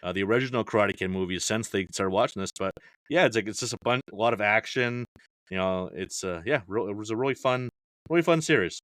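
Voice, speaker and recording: Fast and a bit bright, the fairly low voice of a middle-aged fantasy baseball analyst rambles through a casual podcast guest spot, with frequent "you know"s and restarts. There's no echo.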